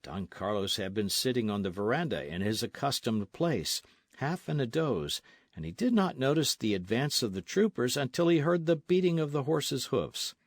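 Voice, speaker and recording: A man narrates a classic adventure novel in an expressive storytelling voice. His pitch moves freely and the recording is dry and close to the mic. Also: no room sound. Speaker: audiobook narrator. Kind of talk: scripted narration.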